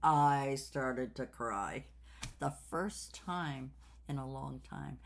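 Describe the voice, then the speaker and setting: A woman in her sixties talking slowly and reflectively in a personal vlog, with many fillers and repeated words. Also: a bass voice, gravelly. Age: 60s. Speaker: craft channel host.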